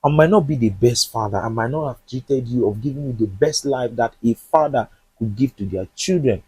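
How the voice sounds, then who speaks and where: A man's voice: medium pitch, moderate pace, darkish tone, slightly rough, no room sound, natural voice. A man voicing a struggling father who pleads that he would never hurt his daughter. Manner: earnest, pleading. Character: struggling middle-aged father, wounded and pleading.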